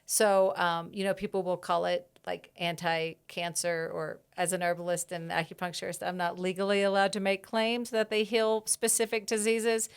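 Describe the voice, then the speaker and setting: A woman herbalist in a casual podcast interview, reflective, pausing often with fillers and laughing easily. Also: on the low side, flat delivery, smooth. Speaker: herbalist guest.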